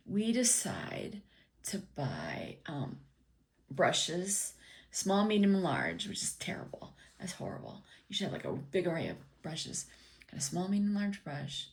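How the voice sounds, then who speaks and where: Chatty woman telling a story. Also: lowish voice. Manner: chatty and meandering, many ums, acts out her father's lines. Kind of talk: casual personal storytelling.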